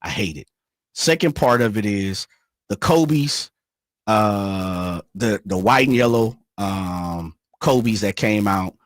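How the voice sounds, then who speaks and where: A male sports radio co-host with a fairly low voice, talking in a relaxed, rambling way and pausing to hunt for words. The studio sound is dry and close. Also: no room sound. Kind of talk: casual sports talk.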